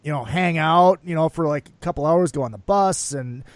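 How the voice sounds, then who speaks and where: Man host, slightly high voice, dry close sound, casual and profane. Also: moderate pace, no echo. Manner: loose, profane, joking. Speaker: show host. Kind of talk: casual talk show chat.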